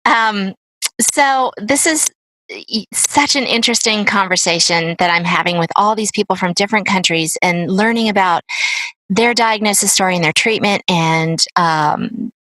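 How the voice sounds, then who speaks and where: A woman's voice: medium pitch, normal speed, fairly bright tone, no echo. A woman hosting a podcast interview, chatty and upbeat. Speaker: podcast host.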